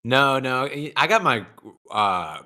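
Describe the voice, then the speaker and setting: A man guesting on a comedy talk show, chatting in a rambling, animated way. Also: mid-range voice, takes it slowly.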